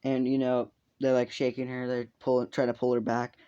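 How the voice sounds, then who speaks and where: A man's voice: mid-range voice, completely flat delivery, fairly quick, mellow, clean tone, lo-fi sound. A young man casually improvising a fan story, rambling with fillers, laughs and swearing.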